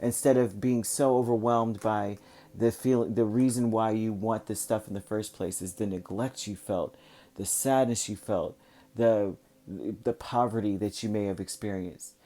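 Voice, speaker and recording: A man with a lowish, mellow, warm voice reads tarot for his audience. He talks in a loose, conversational coaching manner, often pausing on fillers and starting phrases over, as if working the message out aloud. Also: steady tone. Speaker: tarot reader. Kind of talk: casual spoken tarot reading.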